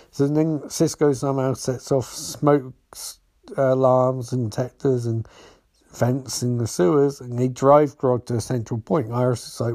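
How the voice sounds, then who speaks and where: A man's voice: medium pitch, steady tone, a little mellow, dry recording. Man, podcast host, casual recap, sarcastic, rambling, dry close sound. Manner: rambling, sarcastic retelling with quick voiced quotes.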